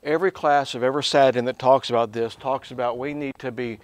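A man who is a professor, teaching a Bible lesson in a lively way, swinging from quiet asides to loud, emphatic bursts. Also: medium pitch, fairly quick, no echo.

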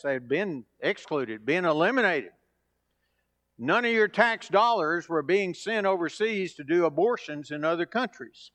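Man, preacher, sermon, fairly high voice, rising emphasis on quotes. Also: a bit bright.

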